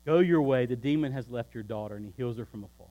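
A pastor preaching a sermon, emphatic and shifting between loud preaching and quiet, low asides. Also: male voice, fast talker, dull audio.

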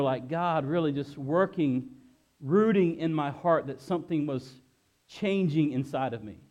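A middle-aged man gives a sermon, sharing his own story in an earnest, halting way with many restarts and repeated phrases. His voice sits a little higher than most men's. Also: darkish tone. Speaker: pastor. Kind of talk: sermon with personal testimony.

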